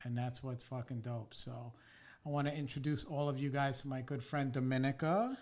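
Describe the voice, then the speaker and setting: A man's voice: medium pitch, normal speed, darkish tone. A man hosting a podcast in casual chat, rambling with lots of fillers and swearing. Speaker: podcast host.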